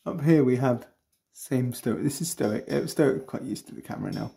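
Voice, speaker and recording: A woman giving a casual tour of her pet ferrets, jumping into a high sing-song voice to greet them. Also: fairly quick, gravelly, warm tone. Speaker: pet vlogger.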